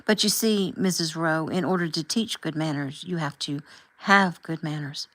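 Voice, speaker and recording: A woman voicing a calm, firm husband and father who asks measured, pointed questions as he confronts a chaperone in an audiobook. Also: a little high, rough recording. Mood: firm rebuke.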